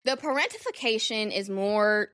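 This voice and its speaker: A young adult woman hosting a solo podcast, telling a personal story in a candid, animated, profane way. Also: mid-range voice, normal speed, smooth, no echo. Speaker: podcast host.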